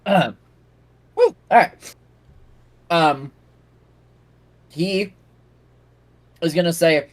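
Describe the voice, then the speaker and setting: A young man narrates a tabletop game as its game master. His voice sits a little high, and he talks casually, with plenty of fillers. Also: animated, drawn-out words, pauses often.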